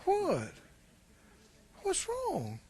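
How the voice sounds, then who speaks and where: A man's voice: very high-pitched, wildly swooping pitch, very slow, mellow, some chatter behind, voice pushed up, heavily acted. A man voicing a queen who coos and coaxes her sulking husband in a sugary voice. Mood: coaxing. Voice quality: cooing, sugary.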